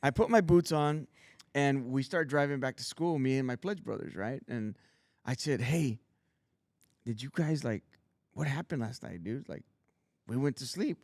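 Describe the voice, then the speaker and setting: A man, telling animated stories and acting out the people in them as a guest. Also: medium pitch, normal speed, long pauses, no room sound. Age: 50s. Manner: animated storyteller acting out voices. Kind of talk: casual storytelling.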